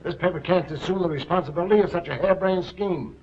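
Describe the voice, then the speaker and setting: A man's voice: high voice, fast, close to an everyday voice. An actor in a 1940s film playing an impatient, blustery male newspaper editor who talks in a brusque, dismissive way, on a dull lo-fi old soundtrack.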